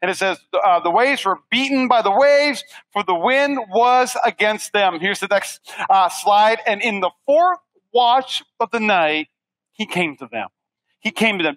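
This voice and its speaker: Male pastor, 30s, high voice, lively sermon, dry close sound, breaks into character voices and shouts. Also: no echo, low-quality recording. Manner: animated, conversational, acts out voices with sudden shouts. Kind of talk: energetic sermon. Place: church studio with audience.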